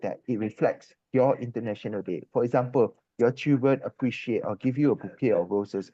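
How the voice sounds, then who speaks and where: A man's voice: fairly low pitch, dark tone, dry recording, dull audio. A man giving evaluation feedback at a speaking club meeting, talking hesitantly with many fillers. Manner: hesitant, filler-heavy delivery.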